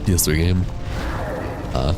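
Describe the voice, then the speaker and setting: Deep-voiced man streaming over game music. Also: measured pace. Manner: laid-back, reading and answering chat. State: has the hiccups. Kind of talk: casual live-stream chat while gaming. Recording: game music clearly behind the voice.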